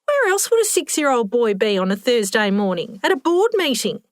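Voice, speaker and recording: A woman's voice: on the high side, sing-song, normal speed, a bit bright, dry recording, clean studio sound. A woman voicing a cheeky, fit older mother in a retirement village, talking in a blunt, teasing way.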